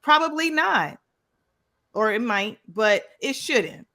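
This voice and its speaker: A woman's voice: a little high, lively intonation, slow pace, bright, forceful tone. A woman calling into a show, arguing firmly and insisting on getting her point across. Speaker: call-in guest. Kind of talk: heated debate.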